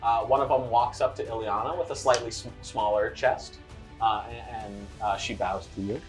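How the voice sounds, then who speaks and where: A woman narrating a tabletop game as game master, lively and often laughing. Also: rumbling low, moderate pace, over music.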